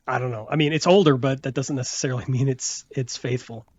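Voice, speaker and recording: A man's voice: medium pitch, steady tone, quick pace, darkish tone, muffled recording, a little hiss or hum. A man hosting a casual podcast chat, rambling with many restarts and fillers and laughing often. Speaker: podcast host.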